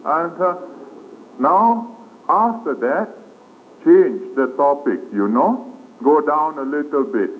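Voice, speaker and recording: Man, buddhist monk, slow dharma talk, "hmm?" tags, tinny phone-like tape, faint hiss. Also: on the high side, animated. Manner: slow, with frequent "hmm?" and "huh?" tag questions.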